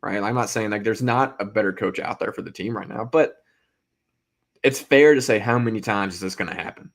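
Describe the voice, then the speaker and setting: A man's voice: lowish voice, fairly quick. Blunt man arguing on a sports show. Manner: blunt, opinionated, argues with rhetorical questions. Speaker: podcast co-host. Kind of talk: casual sports talk.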